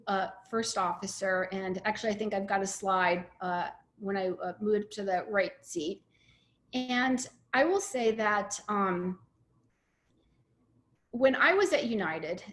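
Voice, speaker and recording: A woman's voice: mid-range voice, fairly bright tone. A middle-aged woman, a retired airline captain, telling a personal story in an earnest, emotional way with many restarts.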